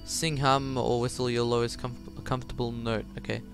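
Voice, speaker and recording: A man playing a voice-controlled game and talking to his viewers in a chatty, confused way, now and then breaking into loud high yells, with his mic held close to his mouth. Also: flat delivery, normal speed, faint music behind. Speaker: gaming YouTuber. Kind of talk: casual let's play commentary. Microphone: handheld mic held close to the mouth.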